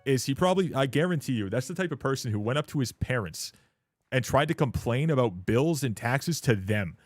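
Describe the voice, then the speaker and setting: A man's voice: mid-range voice, animated, a little fast, no echo, faint music behind. A young man from Canada chatting casually on a live stream, blunt and profane, ranting at his viewers and laughing often.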